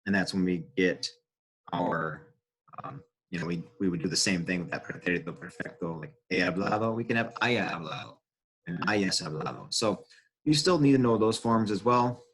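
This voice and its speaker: A man explaining a lesson as a teacher, casual and unhurried, pausing with fillers and restarting phrases. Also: deep voice, a bit bright. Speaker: Spanish teacher. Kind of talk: classroom-style lesson explanation.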